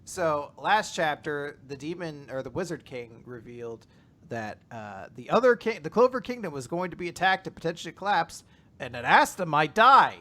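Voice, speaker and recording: Animated young man with a bright voice. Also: fairly high pitch, moderate pace. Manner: animated, jumps into voices and exclamations. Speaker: podcast co-host. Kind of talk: casual chat recapping comics.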